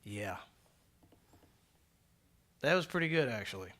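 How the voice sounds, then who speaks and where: A man voicing a grudging wealthy male landowner with a dry, deadpan delivery. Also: unhurried, a little hiss or hum. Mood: wry. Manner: dry, deadpan, low grumble.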